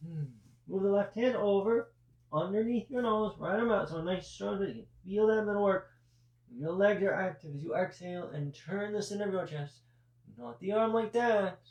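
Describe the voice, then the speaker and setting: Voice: medium pitch, moderate pace, darkish tone, far from the mic. A yoga teacher guiding a live class through breath and poses, with chatty asides. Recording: roomy, voice from off-mic.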